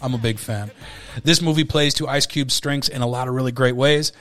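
With faint music behind him, a man in his thirties hosts a podcast in a brisk, medium-pitched, slightly bright voice. He rambles casually about a movie he loves, swearing freely and using frequent fillers.

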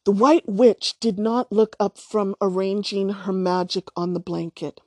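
A woman reading a novel aloud chapter by chapter in a calm, measured way. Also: on the low side, creaky, dry recording, studio quality. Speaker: storyteller.

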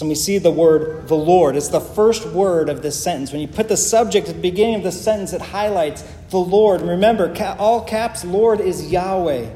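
A man preaching a sermon as pastor, earnest and emphatic, with deliberate pauses. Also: a little high, dark tone, a little hiss or hum. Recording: echoey hall with faint ambience.

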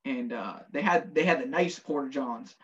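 A former Marine telling profane, lively war stories in casual chat, acting out the quotes. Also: male voice, medium pitch, moderate pace, highs cut off. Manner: profane, animated storytelling with acted quotes.

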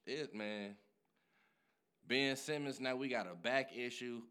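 A man in casual, profane sports chat who laughs often and gets animated. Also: mid-range voice, slow, clean tone.

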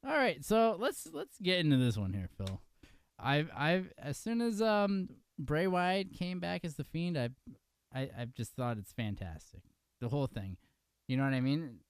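A man's voice: a little high, very animated, moderate pace, clear, resonant tone, no echo. A man hosting a podcast in casual chat, loose and joking, laughing often. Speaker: podcast host.

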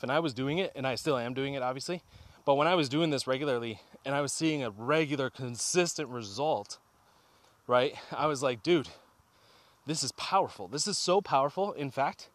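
A podcast host gives a casual motivational talk while out walking, getting slightly out of breath. He's energetic and calls his listeners "guys." His voice is a little high, and the recording is dry.

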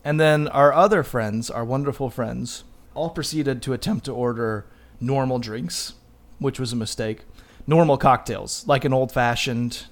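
A man co-hosting a podcast, telling a story casually, laughing often and trailing off softly. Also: mid-range voice, a little slow, hardly any pauses. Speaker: podcast co-host. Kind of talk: casual chat.

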